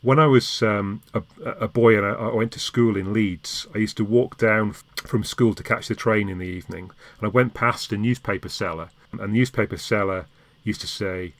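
A man's voice: lowish voice, fairly even intonation, moderate pace. A man from Yorkshire hosting a casual podcast chat, often repeating words as he starts a sentence. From Yorkshire, England. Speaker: podcast host.

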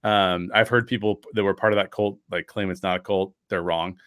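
A man in his thirties, a podcast host telling a personal story with lively acted-out quotes and frequent restarts. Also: sits low, fairly quick, no echo, studio quality. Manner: animated storyteller acting out quotes, many restarts.

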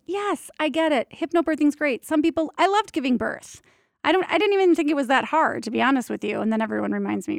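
A woman with a high voice and a gravelly, fry-laced edge tells stories from her doula work in a loose, animated monologue. She is candid and playful and drops the odd mild swear. The sound is close and dry, with no room around it. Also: quick pace, dry recording. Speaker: doula and prenatal yoga teacher. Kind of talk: casual storytelling monologue.

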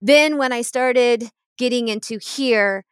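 A woman's voice: a little high, slow pace, clear, resonant tone, dry recording. A woman in her thirties, an intuitive painter, telling rambling stories in casual chat and laughing often. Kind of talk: casual conversational storytelling.

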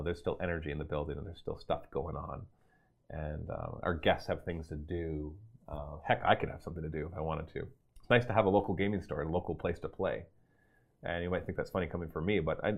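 Deep-voiced chatty man hosting a stream. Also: gravelly. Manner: chatty, animated, laughs easily. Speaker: host and game master of a gaming store stream. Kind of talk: casual livestream chat answering viewer questions.

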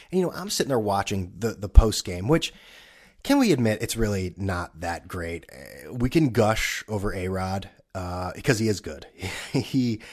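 A man's voice: sits low, breathy edge. A man ranting casually about sports, rambling and sarcastic, swearing often.

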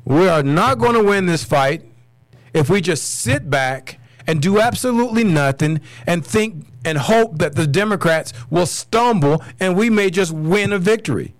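Man, American accent, podcast host, angry rant, blunt, swearing, higher voice, dry sound. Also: lively intonation, unhurried, dry recording. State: furious. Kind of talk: solo political podcast rant.

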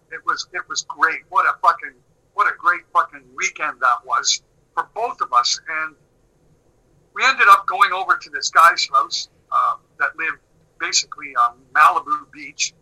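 A middle-aged man telling a long story in casual talk, animated and swearing, acting out what people said. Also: high-pitched, rough recording. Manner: animated, swearing, acts out quotes.

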